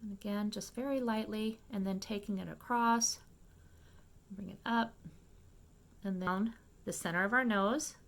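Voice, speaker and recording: A woman hosting a makeup tutorial, talking viewers through each step in a chatty, fast-paced way and often checking in with them. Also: mid-range voice, fairly bright tone. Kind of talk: casual step-by-step makeup demonstration.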